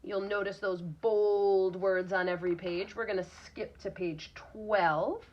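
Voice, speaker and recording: A woman's voice: medium pitch, fairly even intonation, measured pace. A woman teacher reading a picture book aloud to young children, patiently explaining words and sounding them out. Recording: dull lo-fi recording.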